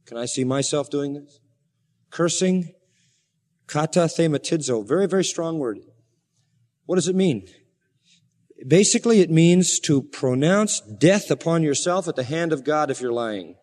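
A man's voice: a little high, animated, a little slow, long pauses, darkish tone, in a large hall. A man preaching a sermon as pastor, earnest and rising to fervent emphasis.

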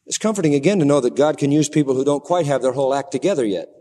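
A man preaching a sermon in a dramatic, animated way that plays up the story for his listeners. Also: mid-range voice, rapid-fire. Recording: long hall reverb.

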